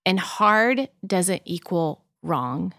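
A woman's voice: drawn-out words, gravelly, dry recording, clean studio sound. A woman in her forties, a mother of two, chatting candidly as a podcast guest and lifting her voice when she quotes herself. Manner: candid and animated, jumps up in pitch when quoting herself. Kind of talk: casual interview chat.

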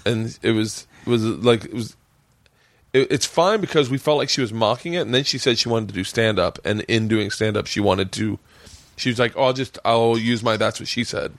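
A man's voice: fairly low pitch, moderate pace, no room sound. Man hosting a casual podcast chat. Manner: swears a lot, rambling animated storytelling. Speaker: podcast host.

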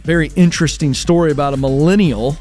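A male radio host giving fired-up talk show commentary, animated and mocking as he mimics others. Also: on the high side, quick pace, faint music behind.

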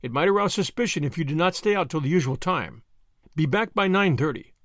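A shrewd, measured lawyer who speaks with dry authority, as a male narrator voices him. The voice is lively in pitch and close, with no room around it. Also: dry recording. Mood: authoritative. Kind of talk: audiobook character voice.

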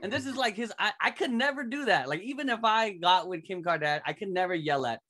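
A man's voice: high-pitched, expressive, quick pace, pushed and bright. Rambling comedian in his forties. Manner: rambling, acts out what others say. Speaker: comedian panel guest. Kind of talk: comedy panel banter.

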